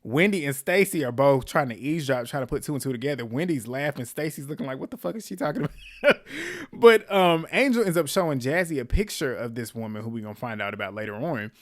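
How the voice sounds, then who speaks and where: A man recapping a reality TV episode in a casual, animated, gossipy way, often laughing as he tells it. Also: medium pitch, fast, few pauses, no echo.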